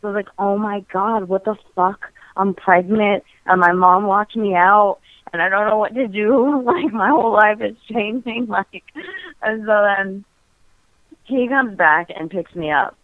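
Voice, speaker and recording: A woman's voice: medium pitch, normal speed, no room sound. Giggly, frank woman on a tinny line. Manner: giggly, frank, heavy use of "like" fillers. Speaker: podcast guest. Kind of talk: candid casual storytelling. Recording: tinny phone-like dry audio.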